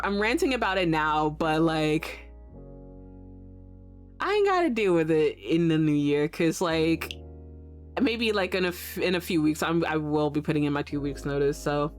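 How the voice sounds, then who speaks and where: A young woman streamer ranting in casual stream chat. She swears constantly, laughs often, and acts out her own exasperated reactions. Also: on the low side. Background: faint background music.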